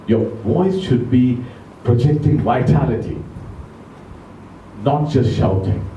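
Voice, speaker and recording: Dark-voiced Indian man in echoey room. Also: medium pitch, recorded from a distance, a little hiss or hum. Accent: Indian English. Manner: measured, emphatic, slows down to stress words. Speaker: speaker at a public speaking club. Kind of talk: educational talk on speaking voice. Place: large club meeting room. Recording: echoey room, speaker off mic.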